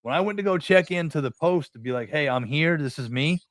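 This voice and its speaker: A man's voice: a little high, expressive, brisk, dry recording, clean studio sound. A middle-aged man from New England hosting a podcast, telling rambling, profane anecdotes and acting out the dialogue. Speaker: podcast host. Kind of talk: casual storytelling chat.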